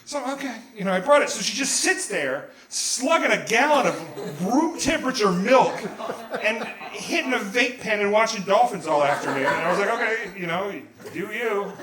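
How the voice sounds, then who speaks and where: A man telling a profane, animated comic story live on a small theater stage into a stage mic, rambling with restarts. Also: high-pitched, moderate pace, crowd noise. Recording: echoey theater room.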